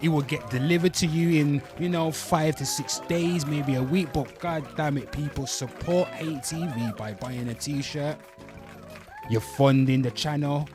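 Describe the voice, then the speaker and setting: Brash and crude, a young channel host keeps repeating himself while plugging merchandise and calling out to his audience. He speaks unhurriedly in a fairly high, somewhat dark voice, and faint music plays underneath.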